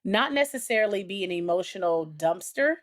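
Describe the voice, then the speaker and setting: A woman co-hosting a relationship podcast with her husband, chatting casually about family life. She talks in a rambling, animated way, full of fillers and restarts, at a middle pitch for a woman. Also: a little fast. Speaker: podcast co-host. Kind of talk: casual chat.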